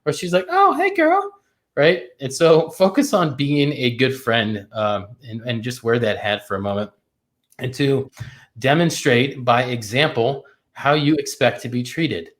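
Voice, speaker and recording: A man co-hosting a casual livestream with his wife, playful and quick to laugh, with casual swearing. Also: mid-range voice. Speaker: co-host. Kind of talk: casual couple's livestream talk.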